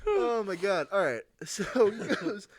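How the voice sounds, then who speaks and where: A man's voice: sits high, huge pitch swings, unhurried. A young man co-hosting a podcast, telling an embarrassing story in casual chat and laughing often. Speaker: podcast co-host.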